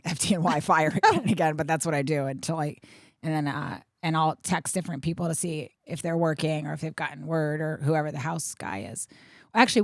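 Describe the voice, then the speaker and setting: Middle-aged woman comic, low voice, dry close sound, lively storyteller who swears. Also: no echo. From USA. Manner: animated storytelling, acts out quotes, swears. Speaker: comedian guest. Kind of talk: casual chat.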